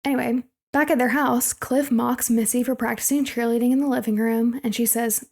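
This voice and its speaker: A woman's voice: a little high, fairly even intonation, brisk, few pauses, darkish tone. A young woman co-hosting a movie podcast, chatting casually, laughing often and acting out quotes. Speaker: podcast co-host. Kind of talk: casual chat recapping a movie.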